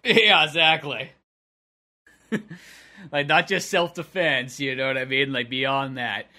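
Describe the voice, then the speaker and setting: A man's voice: medium pitch, steady tone, slow, sharp tone. A man co-hosting a podcast, chatting casually in a rambling way, full of filler words. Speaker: podcast co-host.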